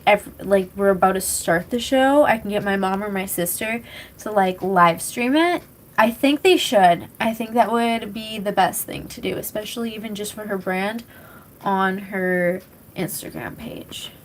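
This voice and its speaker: A young live streamer from British Columbia, Canada, chats casually with her viewers in a mid-range voice, rambling with plenty of fillers and offhand swearing. The audio is poor, with slight background noise.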